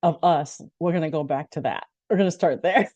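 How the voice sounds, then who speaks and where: A woman in her fifties hosting a casual conversation, telling stories with lively acted-out quotes. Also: low voice, brisk, no room sound. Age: 50s. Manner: animated storyteller, acts out quotes. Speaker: host.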